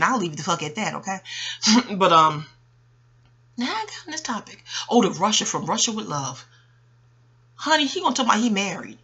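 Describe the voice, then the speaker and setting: A woman's voice: medium pitch, sing-song, quick pace, pushed and bright, slightly rough. A middle-aged woman from Harlem, talking in a rambling, profane monologue, digressing and laughing often. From New York, Harlem. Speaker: astrologer and host.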